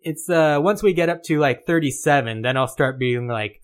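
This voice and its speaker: A man's voice: fairly high pitch, normal speed, few pauses. A man hosting a casual weekly gaming podcast, joking and poking fun at himself. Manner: playful, self-mocking. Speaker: podcast host.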